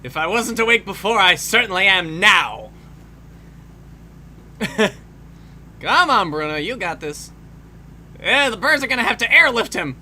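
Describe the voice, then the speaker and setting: A man's voice: sits high, very animated, measured pace, pauses often, bright, forceful tone, slight background noise. A man giving casual film commentary, swearing freely and laughing often.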